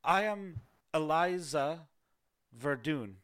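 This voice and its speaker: A man's voice: fairly high pitch, lively intonation, takes it slowly, fairly bright tone, smooth, pitched above the performer's own voice. A man voicing a distraught noble half-elf widow, speaking formally in a raised, shaking voice. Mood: grieving.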